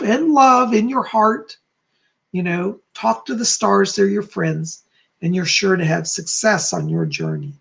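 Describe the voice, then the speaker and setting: A man's voice: high-pitched, gravelly. A man hosting a live astrology stream, reading out viewer comments in a chatty, encouraging way. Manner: chatty and encouraging, speeds up and slows down; laughs at himself, easily sidetracked.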